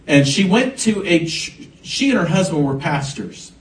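A man's voice: fairly high pitch, very animated, normal speed. A man preaching a sermon as pastor, emphatic and swelling on key words. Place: church sanctuary. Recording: echoey church room, mic at a distance.

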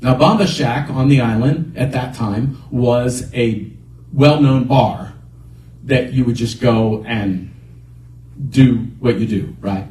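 A man pastor preaching a sermon in a church, animated, often calling out praise. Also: mid-range voice, takes it slowly, echoey room, recorded from a distance, low-quality recording. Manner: animated, repeats exhortations.

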